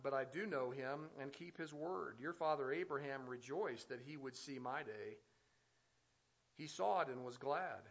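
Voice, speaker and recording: Guy preaching, reads the verses then riffs on them, kinda high voice, bit of a muffled lo-fi recording. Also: creaky, fairly bright tone. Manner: reads scripture aloud, then comments on it with rising intensity. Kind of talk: sermon. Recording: slightly dull, lo-fi sound.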